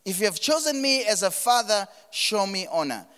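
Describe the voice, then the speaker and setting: A man's voice: high voice, very animated, moderate pace, fairly bright tone, big-room sound. A man preaching a sermon, building emphasis and repeating words as he drives his points. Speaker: pastor.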